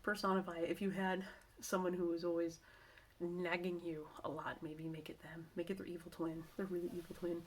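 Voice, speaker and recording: A woman's voice: fairly low pitch, flat delivery, a little fast, a little hiss or hum. A middle-aged woman chatting casually to camera in a vlog, rambling and self-correcting as she shares work-from-home tips. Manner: rambling, chatty, with many restarts and asides.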